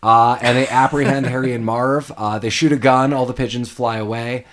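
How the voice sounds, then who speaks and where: A man hosting a casual podcast, recapping a film scene and tossing in quick voices for the characters. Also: medium pitch, fairly even intonation. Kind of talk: casual chat.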